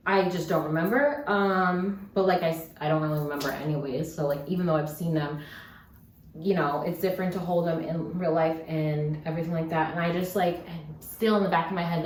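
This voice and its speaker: This young woman's voice sits on the low side and moves at normal speed as she unboxes beads at home for a laid-back vlog. Though upset, she pushes to stay positive, flipping between sad and excited, and talks freely with frequent "likes" and occasional cursing. There's echo and faint background noise.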